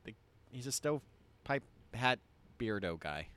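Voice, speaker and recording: A man's voice: mid-range voice, lively intonation, a little slow, a bit bright, a little hiss or hum. A man co-hosting a podcast, chatting casually with fillers and jokes. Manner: rambling, jokey, with many fillers. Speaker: podcast co-host. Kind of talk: casual chat.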